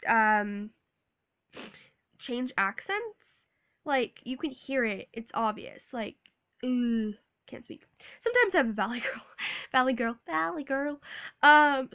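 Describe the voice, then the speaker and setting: Young woman vlogger, sick and hoarse-throated, awkward, halting, higher voice. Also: pushed and bright. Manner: awkward, halting, laughs often. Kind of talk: casual rambling vlog.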